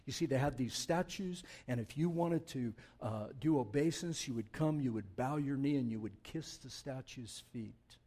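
Animated, mellow-voiced man preaching. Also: medium pitch, moderate pace, hardly any pauses. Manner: conversational, animated, emphatic preaching. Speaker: pastor. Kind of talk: sermon. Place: church.

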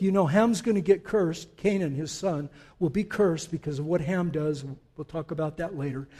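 Man preaching, surging to loud emphasis. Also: fairly high pitch, moderate pace. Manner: swells from quiet explanation to loud emphatic declarations; conversational asides to the congregation. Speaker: pastor. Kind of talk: sermon.

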